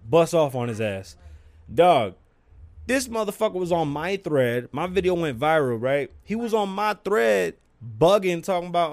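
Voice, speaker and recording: A man's voice: on the high side, moderate pace, no room sound. A man hosting his own podcast, talking casually and profanely and telling stories with lots of energy. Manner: profane, animated storytelling. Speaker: podcast host.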